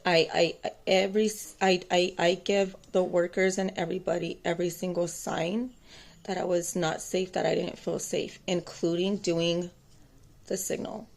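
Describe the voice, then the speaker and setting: A gravelly, low voice with little pitch movement carries this tarot vlogger's personal story, told to camera at normal speed. The adult mother of two boys rambles intensely, sounds defiant, and leans on many fillers.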